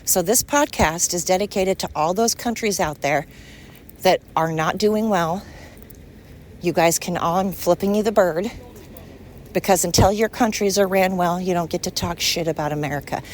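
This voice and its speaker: On her solo podcast, a woman with a lowish voice rants at a moderate pace, sounding heated and blunt as she swears and scolds.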